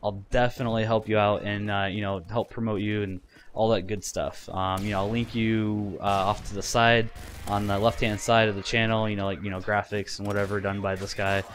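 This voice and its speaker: A man's voice: on the low side, little pitch movement, a little fast, a bit bright, slight background noise. A man in his twenties talking casually to viewers in a rambling vlog, with lots of fillers and restarts. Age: 20s. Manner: rambling, many fillers and restarts, laughs often. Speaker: gaming YouTuber. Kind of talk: casual vlog talk over gameplay.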